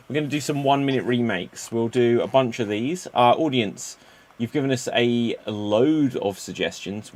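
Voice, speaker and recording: A man hosting a live online improv show, brisk and jokey, with frequent fillers. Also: mid-range voice.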